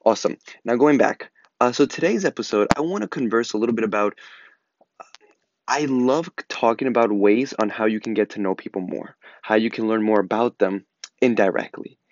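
A man's voice: fairly low pitch, normal speed, dull audio, a little hiss or hum. A man hosting a casual advice monologue, talking earnestly and repeating himself with lots of fillers. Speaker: podcast host.

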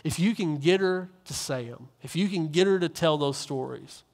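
Speaking from a stage, a young male minister gives a sermon in a voice a little high for a man, with a darkish tone at normal speed. He tells stories earnestly, circling back and repeating phrases as he builds, while a large hall adds long reverb.

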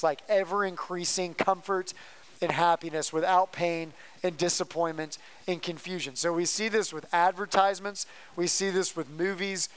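A young man preaching a casual, conversational sermon to high school students as their youth pastor. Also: clear, resonant tone.

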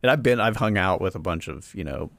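A man hosting a casual comedy podcast, halting and restarting as he talks, with a dry close sound. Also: sits low, expressive, vocal fry, a bit bright, dry recording. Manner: halting, restarts often, playful impressions. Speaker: podcast host.

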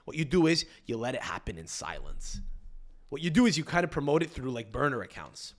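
A man's voice: mid-range voice, sing-song, fairly quick. A young man hosting a podcast, riffing casually with crude profanity and rambling restarts. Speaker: podcast host.

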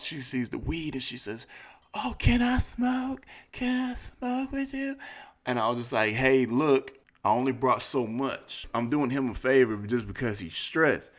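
A man hosting a podcast, telling a story in a casual, profane, animated way and acting out quotes in high voices. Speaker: podcast host.

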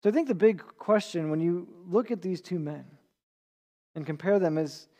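A man with a high voice preaching an earnest sermon. He speaks conversationally and now and then stumbles and repeats a word as he gathers his thought. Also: normal speed, dark tone. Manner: earnest, with small restarts and repeated words. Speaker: pastor.

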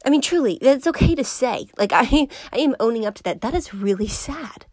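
A young woman from Georgia giving an earnest, reflective personal monologue, often dropping into soft whispers for emphasis. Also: a little high, lively intonation, brisk, dry recording.

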